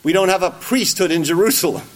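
A man's voice: sits high, quick pace. A man preaching an expository sermon, emphatic and often checking in with a rhetorical "right?".

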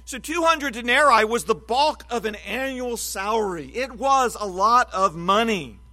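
This expository Bible sermon comes from an animated preacher, a man whose high voice is forceful and stays bright and clear. He speaks in a measured, emphatic way, stressing important words strongly.

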